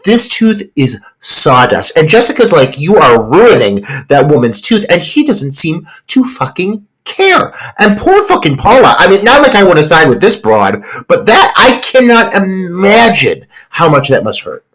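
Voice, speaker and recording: A man's voice: high-pitched, wildly swooping pitch, measured pace, hardly any pauses, fairly bright tone, slightly rough, poor audio. A man co-hosting a podcast, reacting to a horror film in an emphatic, casual way and swearing often. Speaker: podcast co-host. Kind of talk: casual film review chat.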